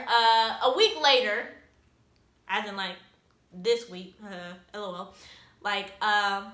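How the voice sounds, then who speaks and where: A woman's voice: fairly high pitch, animated, moderate pace, bright, forceful tone. A young woman vlogger telling a casual storytime, chatty and self-mocking, swearing freely and filling her talk with "like". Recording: echoey room.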